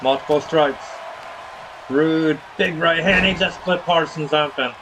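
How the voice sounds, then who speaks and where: Male streamer, casual play-by-play caller, slightly raised pitch, light background noise. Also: unhurried. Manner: casual, hypes viewers with slang. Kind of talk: play-by-play game commentary.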